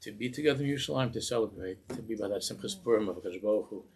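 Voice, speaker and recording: Gravelly-voiced rabbi telling a story. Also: male voice, fairly low pitch, rapid-fire, a little hiss or hum. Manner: animated storytelling, acts out voices in the tale. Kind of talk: sermon with storytelling. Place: synagogue.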